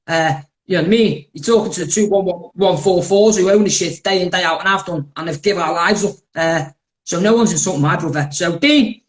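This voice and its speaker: A man's voice: high voice, brisk. Sweary blunt man. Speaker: podcast host. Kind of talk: heated live-stream chat. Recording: roomy echoey live stream.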